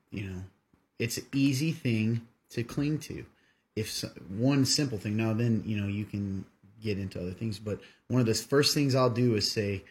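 In a casual faith podcast, a male host answers Bible questions plainly and steadily in a relaxed teaching style. His voice is fairly low in pitch with a darkish tone.

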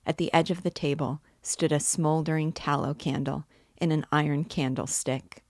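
A woman narrating a classic novel as an audiobook reader and guide, in a measured, even way. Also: sits low, no echo, studio quality.

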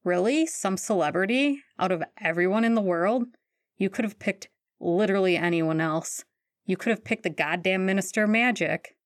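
A woman's voice: mid-range voice, normal speed, no echo, close to an everyday voice. A woman voicing a studious teenage boy wizard in a podfic, dry and teasing.

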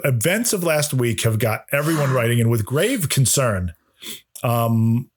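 A man's voice: mid-range voice, breathy edge. A man co-hosting a comedy podcast, chatting in a playful way and laughing often. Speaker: podcast co-host. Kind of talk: casual comedic chat.

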